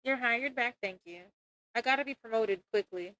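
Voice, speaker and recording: A woman's voice: a little high, normal speed, pushed and bright. A young woman streamer chatting casually while drawing, rambling and giggling, with casual swearing.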